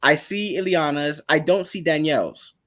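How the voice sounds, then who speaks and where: Young guy, kinda high voice, super animated, keeps doing little voices for the characters while recapping comics. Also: normal speed. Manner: animated, acts out characters' lines mid-story. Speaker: podcast co-host. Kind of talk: casual comic book chat.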